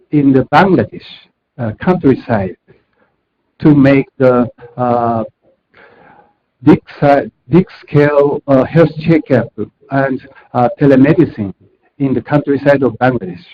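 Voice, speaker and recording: A man presents technical material at a conference, speaking haltingly and often pausing to correct himself. His voice sits at an average pitch for a man. It comes through as muffled, dull video-call audio. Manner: hesitant, halting with self-corrections.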